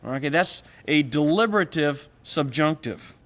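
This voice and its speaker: With lively intonation and a slightly bright tone, a man moves at a moderate pace through a recorded Greek grammar lecture. He explains patiently, and he raises his pitch to act out the example questions he quotes.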